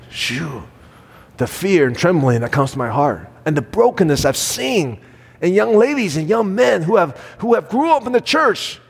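A man in his thirties or forties preaching a sermon, earnest, shifting from loud emphasis to soft, quiet quotes. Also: fairly high pitch, breathy edge. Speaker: pastor. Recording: long hall reverb.

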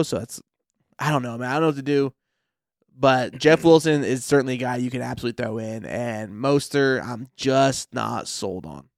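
A man co-hosting a fantasy football podcast, relaxed and agreeable, full of fillers like "I mean" and "like". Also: mid-range voice, no echo, studio quality. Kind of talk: casual sports chat.

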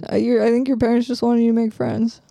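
A woman's voice: a little high, level tone, fast, vocal fry, warm tone, dry recording, clean studio sound. A woman in her twenties co-hosting a casual comedy podcast, giggly and rambling as she jumps into bits. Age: 20s. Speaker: podcast co-host.

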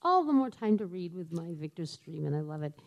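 A woman's voice: lowish voice, big pitch swings, a little fast, vocal fry, darkish tone. A retired older woman in the audience asks a question, talking as an eager, gushing fan. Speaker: audience member. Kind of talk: asking a question.

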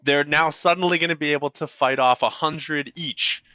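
Man, podcast co-host, bright tense voice, dry slightly dull sound, eager movie chat. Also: a little high, steady tone, moderate pace, no echo. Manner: enthusiastic, quotes movie lines. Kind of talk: casual movie discussion.

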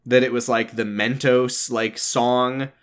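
A man's voice: medium pitch, level tone, takes it slowly, clean tone. A man co-hosting a podcast, telling stories in a rambling, self-interrupting way. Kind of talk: casual chat.

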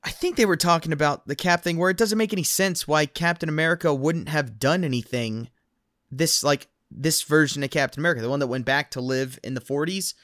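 A man co-hosting a casual podcast, ranting in an animated way and laughing at his own frustrations. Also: on the high side, a little fast, no room sound, clean studio sound. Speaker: podcast co-host.

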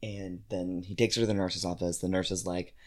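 A woman's voice: extremely low pitch, fairly even intonation, a little fast. A young woman co-hosting a casual book discussion, making wry, matter-of-fact comments. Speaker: podcast co-host.

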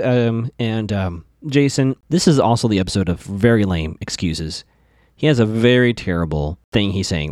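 A man's voice: lowish voice, expressive, a little fast, darkish tone, no room sound, studio quality. Chatty man recapping a TV episode. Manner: chatty, with frequent fillers and stammered restarts; asides to the listeners.

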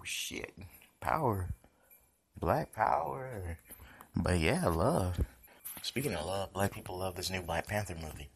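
Low-voiced man ranting on a podcast. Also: fairly bright tone. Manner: profane, rambling, joking. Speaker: podcast host. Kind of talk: casual solo podcast monologue. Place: home kitchen.

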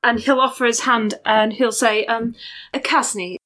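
A woman playing a tabletop game who describes her character's actions in a halting way, with many fillers. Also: on the high side, little pitch movement, a bit bright. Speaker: player.

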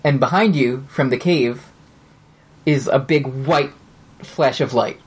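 A woman running a tabletop game as game master, narrating calmly in a measured way. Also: rumbling low, breathy edge.

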